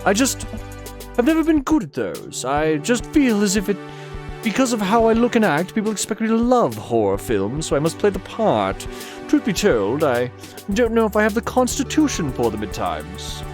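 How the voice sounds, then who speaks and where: A formal gothic gentleman from a dating game, as a streamer puts him on, his voice pitched a little higher and swooping through a lively range. His diction is stagey and old-fashioned, and game music plays clearly behind him. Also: moderate pace. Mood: confessing. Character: formal, melancholy gothic man, adult. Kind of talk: reading a dating game aloud on a live stream.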